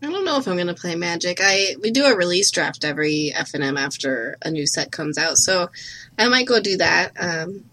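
Husky-voiced giggly young woman. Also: fairly low pitch, expressive, a little fast, bright, forceful tone, poor audio. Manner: giggly, lots of "like". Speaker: student. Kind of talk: casual chat.

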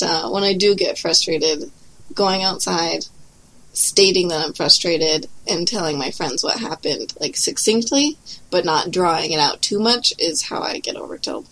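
A woman's voice: fairly low pitch, measured pace, fairly bright tone, rough recording. A woman talking casually on a podcast about handling frustration at card game tournaments, chatty and full of "like" fillers, with light laughs as she talks.

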